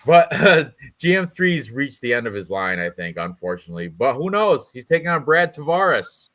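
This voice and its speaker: A man's voice: mid-range voice, sing-song, moderate pace, a bit bright. A man hosting a casual fight prediction show, rambling and joking with his co-hosts. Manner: joking, rambling, trash-talking with laughs. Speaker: podcast host.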